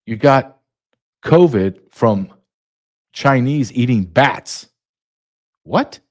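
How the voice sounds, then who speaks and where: A man's voice: mid-range voice, lively intonation, drawn-out words. A male podcast host delivering a sarcastic solo monologue, full of mocking asides.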